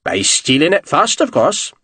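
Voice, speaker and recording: A blustering, growling army general, blunt and profane, his voice climbing with animated emphasis, as a male audiobook narrator plays him. The voice sits fairly high for a man and the recording is dry. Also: normal speed, husky, no room sound, exaggerated voice.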